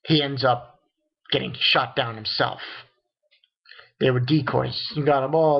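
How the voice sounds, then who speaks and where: A man casually recapping a manga chapter, excitable and profane, with many restarts. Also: medium pitch, a little slow, gravelly, long pauses, lo-fi sound. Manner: excitable, swears, retells dialogue with many restarts. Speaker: manga reviewer.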